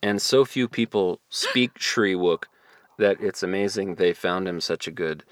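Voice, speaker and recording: Man, co-host, casual chat, very low voice, deadpan jokes. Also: unhurried, dry recording. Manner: dry, joking asides. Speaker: podcast co-host.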